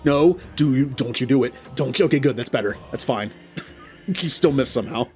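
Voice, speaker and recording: A man giving casual gameplay commentary. He talks to the characters on screen and yelps loudly at setbacks. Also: medium pitch, expressive, a little fast, faint music behind. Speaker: gaming channel host.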